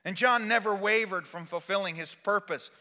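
A man preaching a sermon as pastor, swinging between loud exhortation and quiet, intimate asides. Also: high-pitched, normal speed, big-room sound.

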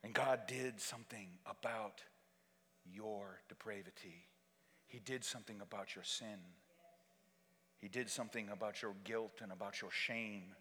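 A man preaching a solemn, deliberate sermon as pastor, reading scripture and leading communion in a church. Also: fairly low pitch, fairly even intonation, pushed and bright, in a large hall. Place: church sanctuary.

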